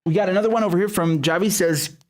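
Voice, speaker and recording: A man hosting a live commentary stream, his voice sitting a little higher than most men's. He talks bluntly and swears freely, stumbling over restarts as he goes. He reads viewer messages aloud and answers them. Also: fast talker. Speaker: show host.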